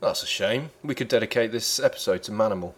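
A man's voice: on the low side, quick pace, breathy edge. A British man co-hosting an improvised comedy chat, poking at his partner with dry, probing questions. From Britain. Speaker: podcast co-host.

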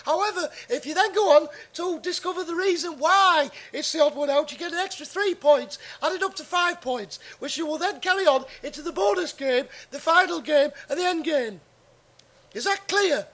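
A man's voice: very high-pitched, moderate pace, fairly bright tone, voice pushed up. A man playing an over-eager, fussy middle-aged game show host with bouncy presenter patter. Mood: chirpy.

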